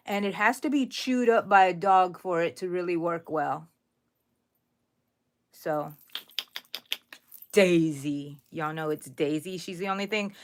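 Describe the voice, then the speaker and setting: A middle-aged woman hosting a live crochet stream, chatting with viewers and counting her stitches aloud softly. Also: medium pitch. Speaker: crochet channel host.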